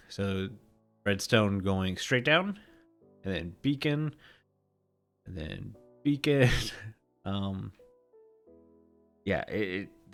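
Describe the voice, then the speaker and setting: A man with a low voice and a groggy early-morning sound to it. He narrates his building in a relaxed, rambling way, with easy laughs. Faint music sits behind him. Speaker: Minecraft let's play host. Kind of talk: casual gameplay commentary.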